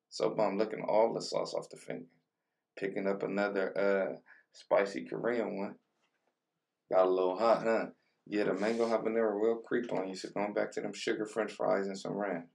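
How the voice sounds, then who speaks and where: A young man rambles in relaxed slang through a mukbang-style food vlog. His voice sits very low with a heavy gravelly rasp, and he is heard from a little away from the mic. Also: distant mic. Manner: laid-back slang-heavy chatter between bites. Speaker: mukbang vlogger. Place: home room with colored lighting.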